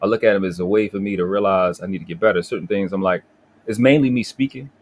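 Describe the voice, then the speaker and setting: Fast-talking Baltimore man ranting. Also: low-pitched, a little hiss or hum. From Baltimore, USA. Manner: profane, boastful, confrontational. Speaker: livestream host. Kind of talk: heated casual livestream rant.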